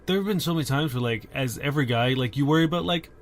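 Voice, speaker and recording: A man's voice: mid-range voice, rapid-fire, a little hiss or hum. A young man co-hosting a podcast in casual chat, candid and full of fillers. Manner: chatty, filler-heavy, candid. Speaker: podcast co-host.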